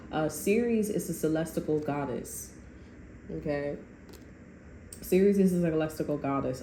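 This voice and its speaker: A woman giving a casual, animated tarot reading, full of profanity and asides to her viewers. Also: low-pitched. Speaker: tarot reader. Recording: echoey room, faint noise.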